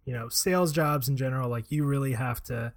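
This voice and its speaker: A man's voice: medium pitch, a little fast. A man in casual podcast chat, rambling with many "like" and "you know" fillers. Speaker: co-host, former aviation salesman.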